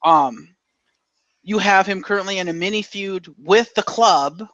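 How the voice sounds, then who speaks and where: A man co-hosting a casual podcast, animated and opinionated, acting out quotes and swearing as he argues his points. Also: high-pitched, unhurried, dry recording, highs cut off. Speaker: podcast co-host.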